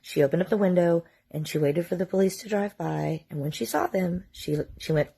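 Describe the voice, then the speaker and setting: A woman's voice: on the low side, fairly quick, creaky, mellow, husky. A woman in her forties, a mother, casually telling a long family story into her phone, chatty and full of "like". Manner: casual, chatty, sprinkles in "like" and mild swearing. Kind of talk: storytime vlog.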